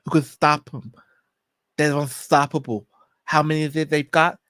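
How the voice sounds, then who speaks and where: A man doing an impression of a famous boxer, repeating himself in halting, effusive praise. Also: on the high side, fairly even intonation, a bit bright, no room sound, natural voice. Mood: gushing. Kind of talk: impression during casual chat.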